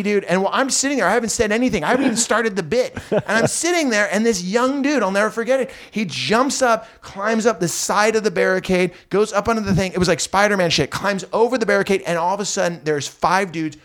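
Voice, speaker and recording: A middle-aged comedian telling a story in casual chat, acting out the voices of the people in it. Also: male voice, high voice, quick pace, hardly any pauses. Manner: animated storyteller, acts out voices of others. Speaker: comedian guest.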